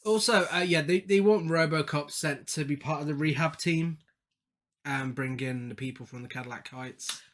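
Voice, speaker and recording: A man with a slightly raised pitch co-hosts a podcast. He chimes in with short, wry comments on a film and chuckles often between lines. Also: normal speed. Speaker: podcast co-host. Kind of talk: casual film review chat.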